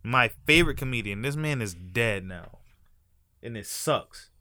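Bright, tense-sounding guy ranting on a podcast, dry close mic. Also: medium pitch, a little slow, no echo. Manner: animated, emphatic, jokey, trails off quietly at ends of points. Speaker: podcast co-host. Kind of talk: casual podcast chat.

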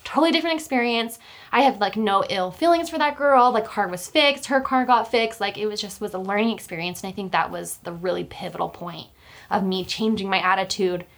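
A woman's voice: medium pitch, a little fast, fairly bright tone. A young woman telling a personal story in casual chat, talkative, with many fillers and restarts. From Utah, US.

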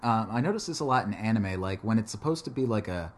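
Co-host, male, chatty and jokey, voice on the low side, lots of swing in pitch. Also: animated, fast talker. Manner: rambling, joking, swears casually. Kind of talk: casual chat.

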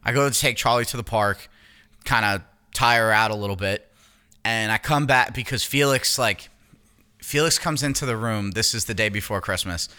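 A man's voice: fairly low pitch, normal speed, clear, resonant tone. A man co-hosting a casual podcast, telling a profane story and acting out other people's lines. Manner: profane, animated, acts out quotes. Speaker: podcast co-host.

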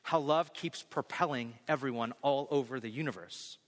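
A male pastor delivering a sermon emphatically, repeating key phrases and slowing on scripture. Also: medium pitch. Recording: long hall reverb.

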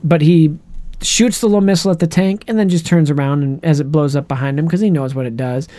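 A man's voice: on the high side, fast talker, dark tone, no room sound. A young man co-hosting a casual movie chat, enthusiastic and fond of acting out scenes.

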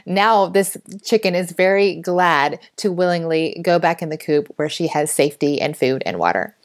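Animated woman telling a faith story. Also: on the low side, measured pace. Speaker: podcast host.

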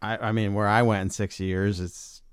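Male podcast co-host, laid-back and wry, lowish voice. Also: flat delivery, smooth, no echo, clean studio sound. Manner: laid-back, joking, drawn-out fillers. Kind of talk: casual chat.

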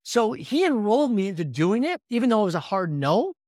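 Man in his fifties, podcast guest, quick and lively storytelling, slightly high voice, dry sound. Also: no echo. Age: 50s. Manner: energetic, animated storytelling. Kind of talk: storytelling in conversation.

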